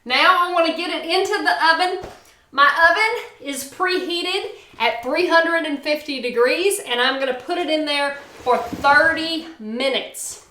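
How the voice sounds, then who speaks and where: A woman's voice: sits high, a little slow, bright, forceful tone, reverberant. A woman hosting a casual cooking vlog, gushing and sing-song as she talks to viewers from her home kitchen. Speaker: cooking show host.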